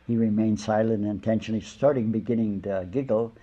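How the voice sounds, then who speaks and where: Speaking quickly in a warm, lowish voice with a steady tone, this older spiritual teacher rambles through a story-filled, informal sermon, chuckling at his own conversational asides. It comes from a dull lo-fi lecture recording.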